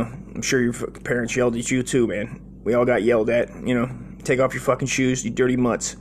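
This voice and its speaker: A man's voice: mid-range voice, a little hiss or hum. Foul-mouthed rambling male storyteller. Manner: profane, loose and chatty, with many fillers like "dude" and "right?". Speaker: host telling a childhood story.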